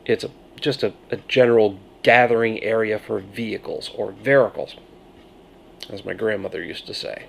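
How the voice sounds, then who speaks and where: A man's voice: lowish voice, steady tone, normal speed, gravelly, slight background noise. A man from Maine with a Maine accent, casually reviewing a cider in a rambling, jokey way. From Maine, USA. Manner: rambling, jokey, self-interrupting.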